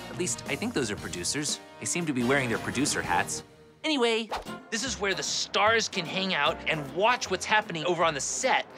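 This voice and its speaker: An eager young male puppet hosting a behind-the-scenes tour. The voice sits a little high and swings widely as he exclaims. Music plays clearly behind him. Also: very animated, a little fast. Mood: excited. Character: cheerful young male puppet, earnest, starstruck. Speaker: host.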